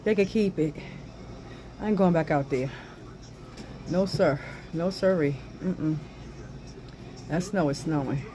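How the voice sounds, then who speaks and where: A woman vlogging about a snowstorm, out of breath, chatty and expressive, exclaiming and sighing as she talks. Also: low-pitched, takes it slowly, pauses often, slight background noise. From New York. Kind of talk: casual vlog. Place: outdoors in deep snow, then back indoors.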